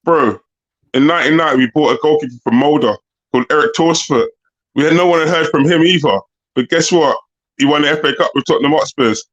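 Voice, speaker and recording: A man's voice: a little high, quick pace, a bit bright. Man on a dull lo-fi line. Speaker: panelist. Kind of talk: casual chat.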